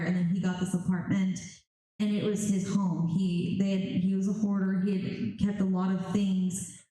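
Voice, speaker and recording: A woman's voice: medium pitch, dark tone. A woman medium telling stories on a convention panel, animatedly acting out the voices of spirits and clients. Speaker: psychic medium. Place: large convention hall. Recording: very echoey hall.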